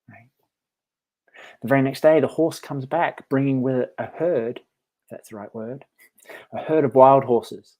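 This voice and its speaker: A meditation teacher talking casually to camera, telling a parable in a friendly, reflective way with frequent chuckles. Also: male voice, medium pitch, measured pace, long pauses, dark tone. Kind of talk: casual storytelling vlog.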